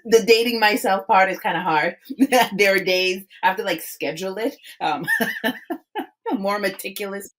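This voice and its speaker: A woman in her forties hosts a podcast, chatting animatedly in a casual interview and laughing often between phrases. Her mid-range voice moves at a normal speed and sounds a bit bright, though the recording is rough.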